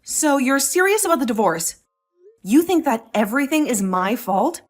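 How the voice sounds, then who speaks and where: In a voiced drama story, a woman with a high voice plays a young wife standing up for herself against her husband. She speaks at normal speed with wide pitch swings, indignant, defiant and sarcastic.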